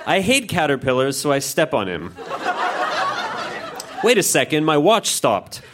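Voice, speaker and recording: A man's voice: fairly high pitch, measured pace, background noise. A man giving a playful comic reading of a story. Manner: animated, playful. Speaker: reader.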